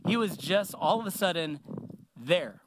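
A man preaching a sermon in a relaxed, conversational way, slowing his words down to stress a point. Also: fairly high pitch, background noise. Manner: conversational, slows words down for emphasis.

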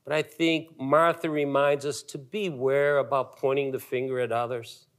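A man in his fifties, a pastor delivering a sermon emphatically, with dramatic pauses and repetitions. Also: medium pitch, flat delivery, fairly bright tone.

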